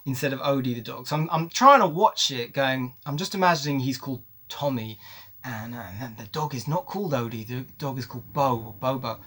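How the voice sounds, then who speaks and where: A man's voice: mid-range voice, animated, fairly quick, pushed and bright, husky. A man giving a casual, opinionated film review, emphatic and ranting, repeating words for stress. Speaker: movie reviewer.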